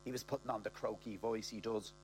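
A man's voice: on the low side, steady tone, fast talker, soft background music, lightly acted. Man reading mum, blunt, plain, matter-of-fact. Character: blunt Dublin middle-aged woman.

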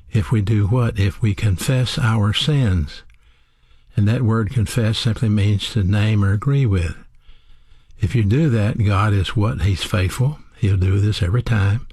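A man teaching a sermon, speaking in a measured, deliberate way and asking rhetorical questions to his listeners. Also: on the low side, a little mellow, breathy edge, no echo, clean studio sound. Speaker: radio Bible teacher.

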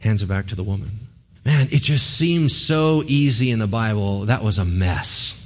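A pastor preaching a sermon to a congregation, telling a story with humor and acting out voices. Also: male voice, fairly low pitch, moderate pace.

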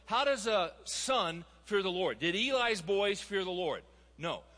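A man's voice: high-pitched, lively intonation, a little slow, sharp tone, in a large hall. A man preaching a sermon with emphatic, fervent exhortation.

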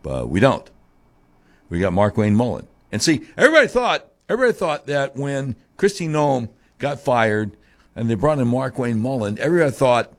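A man hosting talk radio, delivering a monologue that swings from a low grumble to high mocking tones. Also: big pitch swings, normal speed.

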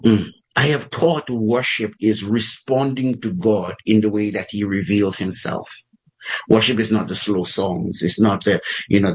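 A man preaching a sermon, acting out prayers with a raised voice and lively delivery. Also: lowish voice, slightly rough, low-quality recording.

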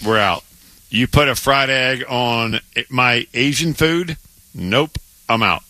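A man co-hosting a sports radio show, chatting with lots of excitable restarts and stammers. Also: mid-range voice, takes it slowly, no room sound. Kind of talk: casual sports radio banter. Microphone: studio microphone.

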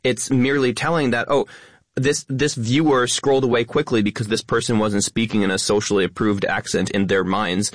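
A man talking quickly as a guest in a radio interview, stressing many of his words to keep listeners engaged. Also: mid-range voice, fairly even intonation, no echo, clean studio sound. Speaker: guest, educational influencer.

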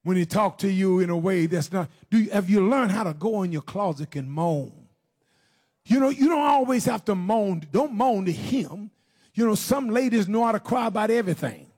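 A man preaching a sermon, questioning his listeners directly and swinging from low, slow passages into shouted, sing-song preaching. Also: expressive. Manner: addresses the congregation with direct questions.

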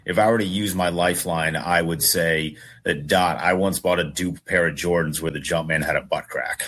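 A man's voice: deep voice, steady tone, normal speed, a bit bright, slightly rough. A man on a sports-talk radio show, answering in a laid-back way and telling a rambling story. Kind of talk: casual storytelling.

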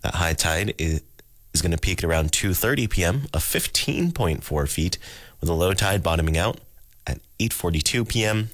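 A man hosting a local radio show, reading the weather and tides in a relaxed, chatty way. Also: sits low, moderate pace, dry recording, clean studio sound. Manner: relaxed, chatty, reads figures with asides. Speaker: radio host. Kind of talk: casual radio announcing.

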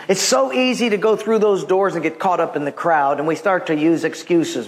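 Animated high-voiced pastor preaching. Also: male voice, moderate pace, hardly any pauses. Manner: animated storytelling, acting out voices. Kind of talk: sermon.

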